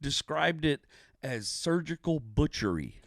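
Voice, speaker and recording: Man, comedy podcast co-host; bright, slightly high, dry close mic, animated storyteller. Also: unhurried, gravelly, dry recording. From Houston, Texas. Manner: animated, acts out quotes, laughs often.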